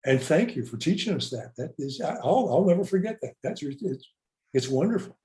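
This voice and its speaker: Earnest older host in an echoey room. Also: male voice, a little high, sing-song, moderate pace, mellow. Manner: earnest, stammers and repeats words. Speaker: podcast host. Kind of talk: reflective interview talk.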